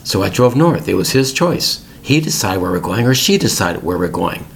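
Lively low-voiced man telling a story. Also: normal speed, creaky, slight background noise. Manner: plain, repetitive storytelling for learners. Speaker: English-learning podcast host. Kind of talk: storytelling podcast monologue.

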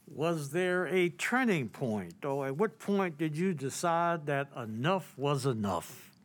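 A man interviewing a guest, asking questions haltingly with many pauses between phrases. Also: a little high, expressive.

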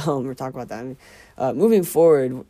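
Casting: loose, cursing male host thinking out loud, mid-pitched, close and dry. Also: brisk, dry recording. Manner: rambling, profane, self-interrupting. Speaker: podcast host. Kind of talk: casual monologue.

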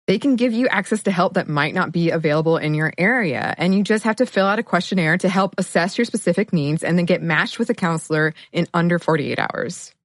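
A woman podcast host reads ad copy in a smooth, upbeat way. Her voice sits a little low, and the sound is dry and close. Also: a little fast, hardly any pauses, dry recording. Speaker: podcast host reading ads. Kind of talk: read ad copy.

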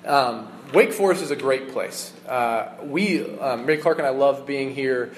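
A man's voice: medium pitch, a little slow, slight background noise, low-quality recording. A man in his thirties preaching a sermon in an earnest, conversational way, with frequent fillers. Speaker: pastor.

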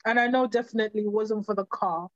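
A woman giving halting, emotional personal testimony in an interview. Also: mid-range voice, steady tone, no echo, highs cut off. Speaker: interview guest.

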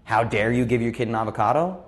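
A man in his thirties hosts a live Q&A stream as a motivational talk, speaking bluntly, passionately and getting worked up. His medium-pitched voice moves quickly, and he repeats phrases for emphasis.

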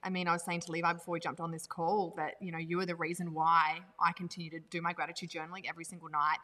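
A woman's voice: lowish voice, little pitch movement, racing, bright, forceful tone, big-room sound. A woman co-hosting a podcast, gushing and enthusiastic as she praises her guest. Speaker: podcast co-host. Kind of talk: casual podcast chat.

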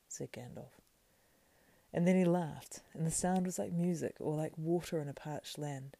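A woman reading a fantasy novel aloud in a soft, slow, partly whispered and breathy manner. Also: deep voice, dry recording. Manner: slow, hushed, breathy, unhurried. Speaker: reader.

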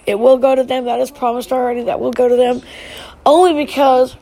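A middle-aged woman speaks in a high, fry-laced voice during a live stream. Her message to her family is emotional and halting, broken by sighs and restarts. The gravel in her voice sits under a voice pitched well above most women's. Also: flat delivery, mellow, poor audio.

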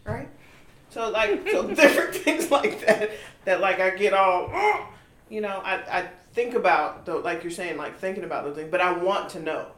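A woman co-hosting a casual talk show, telling stories in a lively, laughing way. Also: mid-range voice, moderate pace. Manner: animated, laughing storyteller. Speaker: podcast co-host. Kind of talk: casual chat. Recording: roomy echo, faint noise.

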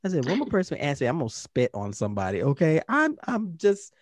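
A man co-hosting a casual podcast, recounting his encounters with a storyteller's energy. His voice sits a little high and sounds dry and close to the mic, and he throws himself into each quoted exchange. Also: a little fast, dry recording. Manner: animated, acts out quoted exchanges. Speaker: podcast co-host.

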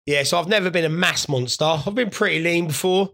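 Young man, solo host, gravelly and bright, jokey and sweary. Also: fairly high pitch, brisk. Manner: rambling, sweary, jokey storytelling. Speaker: podcast host. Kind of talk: casual solo monologue.

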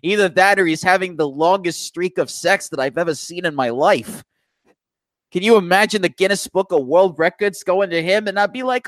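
A man's voice: high voice, normal speed, fairly bright tone, no room sound, studio quality. A man riffing in casual comedic chat, rambling and hesitant, full of fillers and restarts.

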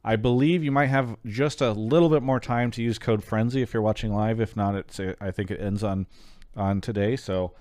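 Relaxed low-voiced male call-in host. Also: moderate pace, dry recording, studio quality. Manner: relaxed, rambling, trails off quietly at line ends. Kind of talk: casual call-in show chat with sponsor read.

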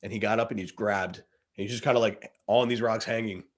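A man's voice: lowish voice, brisk. A man in his thirties, a guest, earnestly retelling a story in casual chat and often calling the listener dude. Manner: earnest, animated retelling, says dude a lot.

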